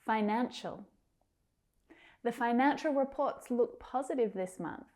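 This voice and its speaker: A woman teaching English pronunciation, carefully repeating each word slowly. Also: fairly high pitch, darkish tone. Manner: careful, drawn-out repetition of words. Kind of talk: slow pronunciation lesson.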